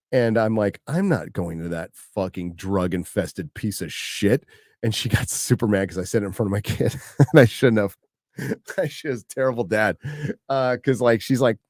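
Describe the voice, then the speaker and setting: A middle-aged man hosting a livestream, working through viewer questions with blunt, profane, no-nonsense answers. He tends to say a phrase and then repeat it for emphasis. His voice sits at an ordinary pitch and is close and dry on the mic. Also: darkish tone, no room sound. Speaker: host reading viewer questions. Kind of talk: casual profane livestream chat.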